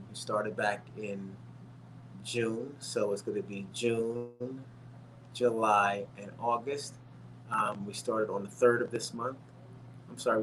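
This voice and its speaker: A man's voice: lowish voice, fairly bright tone, a little hiss or hum. A man hosting a casual livestream, rambling in a friendly way with many fillers and restarts, and calling his viewers folks. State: a little winded and tired. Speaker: livestream host.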